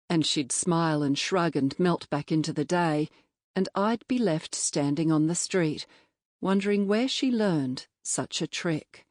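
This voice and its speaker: A woman narrating a novel in the first person, in a measured, reflective storytelling manner. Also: deep voice, expressive, darkish tone, no room sound, studio quality. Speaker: audiobook narrator. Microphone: close studio mic.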